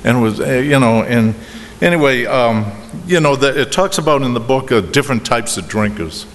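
A middle-aged man with a Boston accent tells a meandering personal story about his drinking at a recovery meeting, halting and restarting with chuckles. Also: mid-range voice, animated. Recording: reverberant hall with faint noise.

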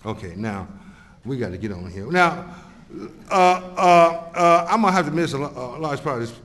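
A man telling his own story to an audience, halting and repeating himself, chuckling often and acting out the voices of others. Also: medium pitch, lively intonation, fairly bright tone, in a large hall, a little hiss or hum. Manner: halting and repetitive, chuckling often, acts out quoted dialogue.

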